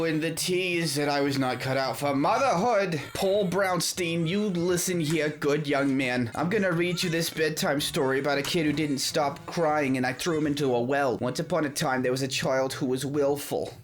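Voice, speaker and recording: Male streamer doing an overworked, sassy single mom, mid-pitched, melodramatic and sarcastic. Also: natural voice. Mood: mock storytelling. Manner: melodramatic, sarcastic, swings from mutters to shrieks. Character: frazzled sassy single mother, tired, boozy, camp. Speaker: gaming video host. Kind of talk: comedic let's-play role-play.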